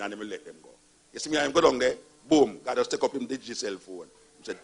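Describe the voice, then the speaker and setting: A man's voice: a little high, a little fast, creaky, slightly rough. A man with a Jamaican accent giving an emphatic, mocking storytelling monologue about religion. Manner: emphatic, animated, mocking retellings. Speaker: speaker on religion.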